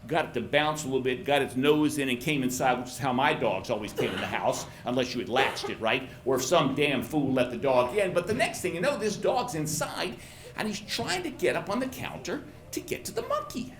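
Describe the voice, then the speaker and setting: A middle-aged man telling a personal story live at a pub, in a folksy, animated way with frequent repeated words. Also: mid-range voice, a little fast, a little hiss or hum. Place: pub stage before an audience. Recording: roomy pub with faint chatter.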